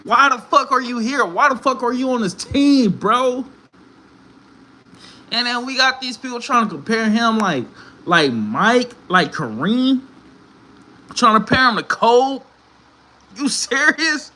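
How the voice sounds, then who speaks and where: A man giving a profane, animated sports rant from home in a casual vlog, swearing and laughing often. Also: very high voice, measured pace. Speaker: vlogger. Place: home room.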